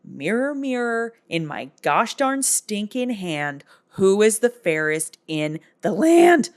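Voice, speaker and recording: A woman's voice: low voice, normal speed, a bit bright, smooth. A woman voicing a vain, scheming wicked queen with a mocking, exaggerated delivery. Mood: gloating.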